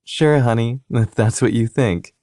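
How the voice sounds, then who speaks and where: A man's voice: mid-range voice, measured pace, mellow, no echo, studio quality, voice pushed up, lightly acted. A man voicing a cheerful, teasing young woman in an audiobook, a playful sister. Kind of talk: audiobook character reading.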